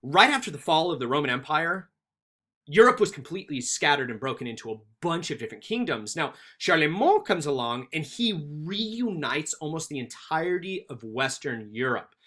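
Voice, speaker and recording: A man's higher-leaning voice at normal speed carries a recorded history lesson. The teacher narrates stories animatedly, performing the quotations as he goes.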